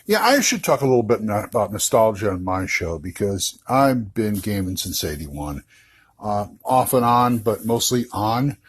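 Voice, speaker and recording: A man's voice: lowish voice, very animated, moderate pace, a little hiss or hum. An older man leaving a friendly, chatty voicemail for a podcast. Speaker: caller. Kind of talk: voicemail message.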